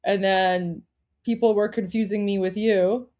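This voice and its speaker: A woman's voice: medium pitch, fairly even intonation, a little slow, a little mellow, poor audio. A woman co-hosting a political livestream in a chatty manner, talking straight to the chat and correcting herself as she goes.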